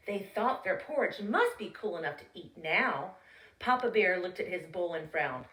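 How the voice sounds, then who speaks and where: Animated woman reading a bedtime story. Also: lowish voice. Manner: animated, expressive, drawn-out delivery. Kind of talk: reading a children's story aloud. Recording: roomy, from a distance.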